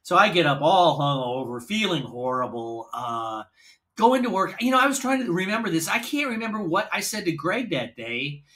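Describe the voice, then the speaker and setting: Animated, bright-voiced male storyteller. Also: high voice, normal speed. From American Midwest. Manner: animated, profane, acts out dialogue. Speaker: podcast host. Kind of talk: casual storytelling.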